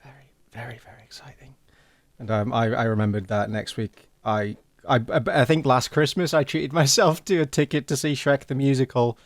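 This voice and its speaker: A man's voice: medium pitch, normal speed, dry recording. Male co-host; eager, giggly chat, dry recording. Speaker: podcast co-host. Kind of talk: casual comedy chat.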